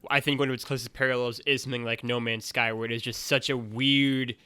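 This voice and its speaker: Male podcast co-host, clear bright tone, emphatic and upbeat. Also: mid-range voice, little pitch movement, fast, no room sound. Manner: enthusiastic, emphatic. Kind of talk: casual chat.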